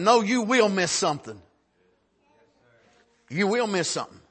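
A man preaching a sermon with passion, dropping to a hush and then building to shouts, with a steady stream of "Amen.". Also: sits high, moderate pace, husky. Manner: impassioned, swings from hushed to shouting, frequent "Amen".

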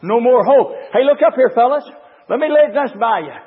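High-voiced man preaching in an echoey hall. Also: animated, normal speed. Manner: impassioned, swings between shouting and low murmurs. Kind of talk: fervent sermon to a men's gathering. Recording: dull echoey hall recording.

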